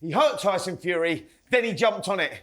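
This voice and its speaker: A man's voice: sits high, expressive, brisk, fairly bright tone. A British man as a boxing pundit, giving chatty studio analysis with "listen" and "mate".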